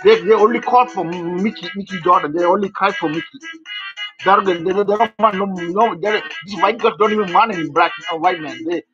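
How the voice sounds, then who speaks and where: A man's voice: sits high, brisk. A man in a rambling, repetitive rant monologue, stumbling over words and repeating himself. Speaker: vlogger. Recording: dull lo-fi audio over loud music.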